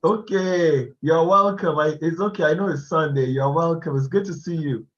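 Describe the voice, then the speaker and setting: A man giving a slow, animated motivational talk to an online class on a video call, laughing often as he speaks. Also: a little high, highs cut off.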